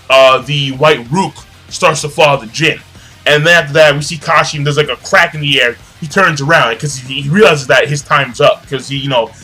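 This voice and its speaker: A young man casually recapping an anime episode, rambling with lots of fillers and profanity, breaking into excited shouts. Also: a little high. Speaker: anime reviewer.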